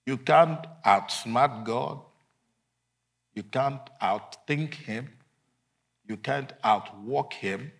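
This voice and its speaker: A man preaching a sermon, emphatic, swinging between loud declarations and quiet asides. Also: mid-range voice, drawn-out words, vocal fry, long pauses.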